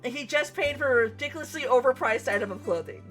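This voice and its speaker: A young woman streaming a visual novel, reading the text aloud and reacting with giggles and animated commentary. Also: sits high, quick pace, soft background music.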